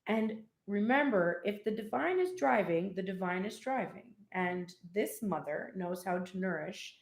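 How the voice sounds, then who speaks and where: A woman giving a casual live tarot reading, chatty and animated, with frequent laughs and cheeky asides. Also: mid-range voice, unhurried, creaky, echoey room. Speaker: tarot reader.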